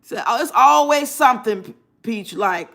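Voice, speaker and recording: High bright-voiced woman ranting. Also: expressive, unhurried, creaky. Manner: blunt, profane, incredulous. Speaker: commentary streamer. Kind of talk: reaction commentary.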